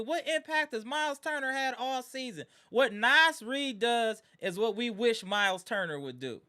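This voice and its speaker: A man's voice: very high-pitched, animated, normal speed, hardly any pauses, bright, forceful tone, clear, resonant tone. A man hosting a live sports stream, ranting in exasperation as a disappointed fan and repeating his points. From Wisconsin.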